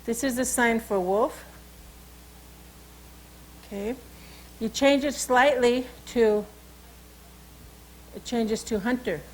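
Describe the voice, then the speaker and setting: Storytelling Salish woman, higher voice. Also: fairly even intonation, takes it slowly, long pauses, rough recording. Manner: informal, repeats "you know" and "okay". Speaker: cultural educator. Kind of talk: oral storytelling and teaching.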